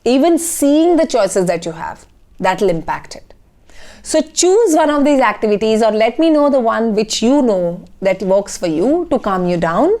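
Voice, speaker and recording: Female life coach, slightly high voice, guides viewers step by step with constant "okay?" check-ins. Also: animated, normal speed, darkish tone. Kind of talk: motivational talk to camera.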